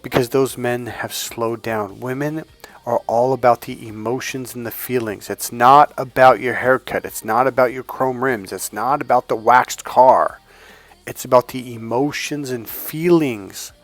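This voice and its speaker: A man working as a dating coach, telling a story in a deliberately slowed, calm way and swearing bluntly. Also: mid-range voice, soft background music. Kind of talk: casual storytelling monologue.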